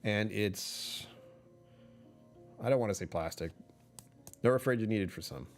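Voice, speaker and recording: A man's voice: fairly low pitch, moderate pace, soft background music. A man chatting casually on a livestream, rambling and correcting himself, often laughing mid-sentence.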